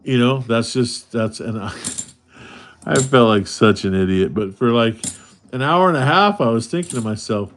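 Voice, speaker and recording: A middle-aged man from Los Angeles tells a long, winding story on a casual livestream. He trips over and restarts his sentences, stays animated, and keeps a steady mid-range pitch. Soft clicks and clinking coins sit faintly behind him. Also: a little slow, a little hiss or hum. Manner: rambling, animated storyteller who restarts sentences and reads chat aloud. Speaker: coin roll hunting livestream host.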